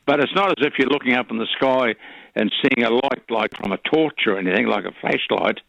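A man, a regular caller chatting on radio in a rambling, halting way with many fillers. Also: mid-range voice, gravelly, a bit bright, no room sound. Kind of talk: casual radio chat. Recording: dull lo-fi radio audio.

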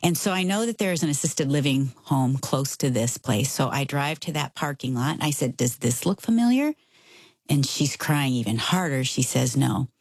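A middle-aged woman telling a personal story in casual conversation, expressive and acting out the voices of the people in it. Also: extremely low pitch, moderate pace, few pauses, no echo.

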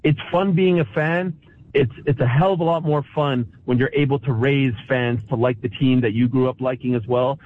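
A man in his thirties from Montreal calls in over a thin, phone-like line. He talks with open emotion and keeps restarting his words. His pitch sits in an ordinary middle range. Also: fairly even intonation, moderate pace, slight background noise. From Montreal, Canada. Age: 30s. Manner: emotional, self-described pessimistic, restarts words often. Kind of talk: casual chat.

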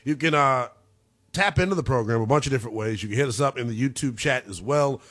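A man hosting a late-night sports talk radio show, breaking down football stats in a lively, analytical way. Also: medium pitch, fast. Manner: animated, analytical, talks through stats.

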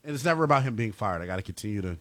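Bright, animated sports talk co-host. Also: male voice, fairly low pitch, very fast, no echo. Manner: animated, incredulous, rising to shouted rhetorical questions. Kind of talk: sports talk radio banter.

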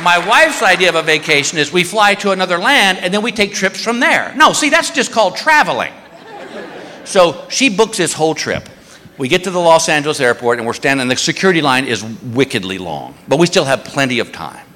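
A middle-aged man doing stand-up, telling a story in an animated, drawling way. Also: fairly high pitch, a little fast, a faint crowd. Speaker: stand-up comedian. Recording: stage mic in a reverberant hall.

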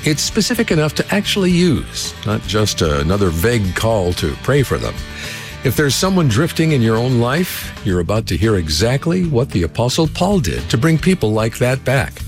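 A man's voice: mid-range voice, big pitch swings, normal speed. Male announcer over guitar music. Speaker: radio program announcer. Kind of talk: scripted program introduction. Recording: guitar music bed underneath.

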